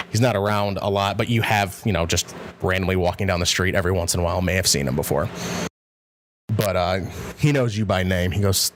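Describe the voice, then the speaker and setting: Relaxed man running a tabletop game. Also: deep voice, quick pace, slight background noise. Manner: relaxed, chatty, rambling. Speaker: game master. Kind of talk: casual tabletop narration.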